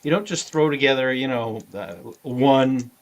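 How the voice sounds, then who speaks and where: A man's voice: mid-range voice, unhurried, highs cut off. A man co-hosting a legal talk show, explaining law in a casual way with many fillers. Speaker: lawyer co-host.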